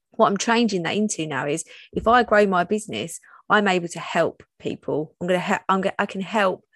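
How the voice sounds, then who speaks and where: A woman's voice: on the low side, no echo, studio quality. A woman in her thirties hosting her own podcast, talking openly and personally with frequent restarts. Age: 30s. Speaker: podcast host. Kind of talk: solo podcast monologue.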